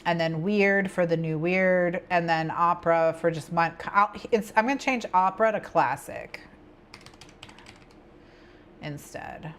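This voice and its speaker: Female stream host with a lowish voice, loose and chatty, talks through her plans to viewers. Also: a little slow, fairly bright tone. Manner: rambling, thinks aloud, chatty asides to chat. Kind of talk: casual chat with viewers while planning.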